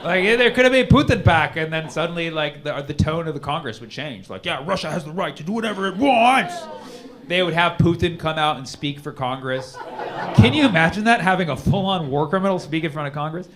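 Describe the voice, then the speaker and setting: A man doing a stand-up comedy set, talking casually and building up to loud punchlines. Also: a little high, expressive, fairly quick, crowd noise. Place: comedy club stage. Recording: live club mic with audience noise.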